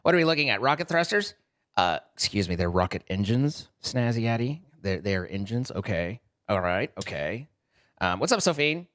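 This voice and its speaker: A man's voice: on the low side, very animated, moderate pace, fairly bright tone. A man with an American accent chatting casually on a live stream, rambling and restarting sentences while joking with his chat.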